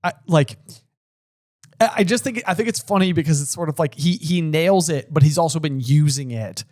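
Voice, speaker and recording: A man's voice: on the high side, normal speed, a little mellow, no room sound, clean studio sound. A man co-hosting a book podcast, chatting casually with lots of fillers and restarts. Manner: rambling, many fillers and restarts. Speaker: podcast co-host. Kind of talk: casual chat.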